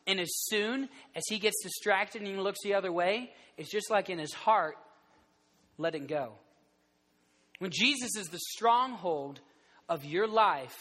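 Bright animated man preaching in a hall. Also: high voice. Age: 30s. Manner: animated storytelling, rambling restarts. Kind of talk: sermon to a group.

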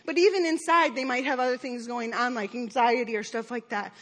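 A woman at church preaches a conversational sermon, rambling through a personal story full of fillers and asides while laughing at herself in a self-deprecating way. Her voice sits on the high side, steady and fairly bright, and she talks a little fast.

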